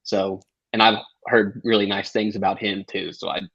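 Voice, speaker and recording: A young man, a podcast guest, chatting in a relaxed, slightly hesitant way. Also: lowish voice, moderate pace, gravelly, husky. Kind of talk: casual chat. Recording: dull lo-fi mic.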